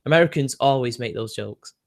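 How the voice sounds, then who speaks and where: Speaking a little quickly in a mid-range voice with some vocal fry, a young British man runs a casual livestream. He reads through chat and answers viewers' questions, dropping sardonic asides and laughing frequently.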